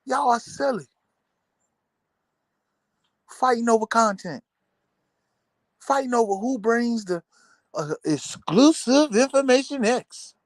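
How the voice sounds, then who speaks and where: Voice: medium pitch, expressive, takes it slowly, pauses often, no room sound, clean studio sound. A live streamer ranting at their viewers in sarcastic commentary, mocking them and hammering points home by repeating phrases, with blunt, casual swearing.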